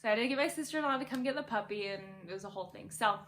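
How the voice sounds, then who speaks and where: A woman's voice: fairly high pitch, rapid-fire, a bit bright. A young woman casually telling a birth story from her bedroom, chatty and laughing, full of "like".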